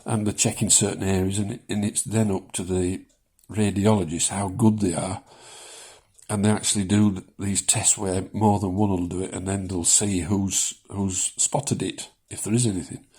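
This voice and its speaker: A man in his seventies talking casually in a personal vlog, rambling with many pauses and chuckling at his own jokes, shaky as he speaks. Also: sits low, level tone, darkish tone, slightly rough. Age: 70s. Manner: rambling, self-deprecating, chuckles often, many ums. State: shaking. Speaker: vlogger sharing his cancer experience.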